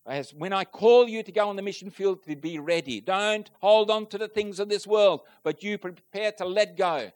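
High-voiced earnest man preaching a testimony. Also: normal speed, hardly any pauses. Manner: earnest and emotional, swelling loud on key points; addresses the congregation directly with questions. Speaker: preacher giving a personal testimony. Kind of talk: sermon testimony.

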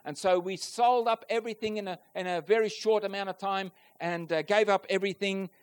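A man preaching a personal testimony to a congregation, earnest and emotional, swelling loud on key points and asking the listeners direct questions. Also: sits high, steady tone, fairly quick, smooth. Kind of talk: sermon testimony.

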